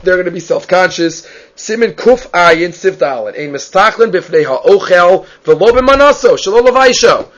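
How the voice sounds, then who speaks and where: Male Talmud teacher with a high pitch, recorded on dull, lo-fi audio. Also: lively intonation, normal speed, a bit bright. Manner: reads Hebrew and Aramaic phrases, then translates them. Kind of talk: explaining a Talmud text. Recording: muffled lo-fi recording.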